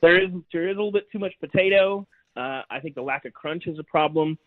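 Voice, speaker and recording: A man's voice: a little high, fast. A man calling in as a guest on a sports radio show, chatty and wry, laughing at his own jokes. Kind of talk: casual sports radio chat. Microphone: phone call. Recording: tinny phone line.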